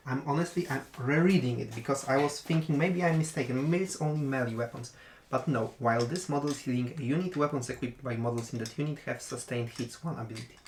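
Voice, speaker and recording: A man's voice: medium pitch, fast, a little hiss or hum. Man talking a game through, echoey room. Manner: thoughtful, hesitant with fillers, breaks into laughter. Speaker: tabletop game commentator. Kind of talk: casual post-game discussion.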